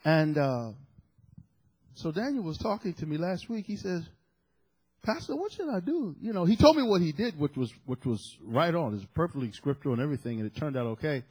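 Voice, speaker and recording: Male pastor, sermon delivery, husky, high lively pitch. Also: brisk, poor audio. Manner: animated preaching with shouted sound effects.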